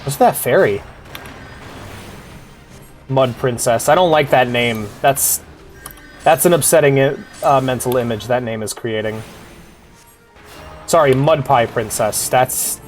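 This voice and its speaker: A man streaming a game, chatting casually and joking at his own expense. His voice sits in an ordinary middle pitch. Faint music plays quietly behind him. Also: slow, long pauses. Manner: joking, playful, self-mocking, swears casually. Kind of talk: casual gameplay commentary.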